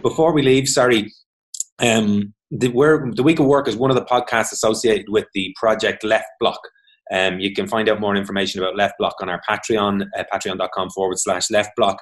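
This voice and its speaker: A man, co-hosting a podcast, wrapping up the show in a halting way with many ums. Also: lowish voice, fairly even intonation. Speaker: podcast co-host. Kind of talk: podcast sign-off.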